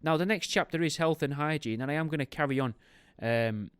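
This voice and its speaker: With a slightly high, brisk voice that's clear and resonant, this podcast host reads history aloud and slips into wry jokes and tangents. There's no room sound.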